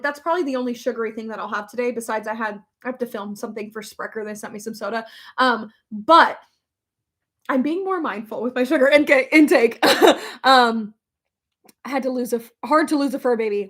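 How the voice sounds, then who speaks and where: Chatty young woman vlogger, slightly high. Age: young adult. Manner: chatty, emotional, laughs often, many fillers. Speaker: vlogger reading live chat. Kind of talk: casual chat.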